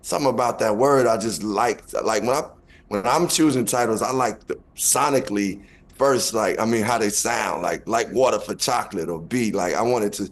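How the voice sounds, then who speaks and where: A man with a Chicago accent, a guest rapper telling an animated story and acting out quotes with laughter. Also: fairly low pitch, normal speed. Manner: acts out quotes, laughing, back-and-forth.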